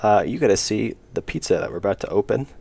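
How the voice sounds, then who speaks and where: A man's voice: lowish voice, expressive, quick pace, creaky, a little mellow, breathy edge. A young man streaming his indie game work, rambling casually and reading chat aloud with self-deprecating jokes. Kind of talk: casual live-stream chat while working.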